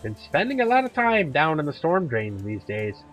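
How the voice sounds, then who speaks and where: A gruff middle-aged Irish woman who hunts monsters, as a man puts her on, talking bluntly with an Irish accent that slides toward Scottish. Her husky voice sits fairly high and bounces around with lively pitch. Faint game music plays underneath. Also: moderate pace, exaggerated voice, low-quality recording. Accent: put-on Irish, drifting toward Scottish.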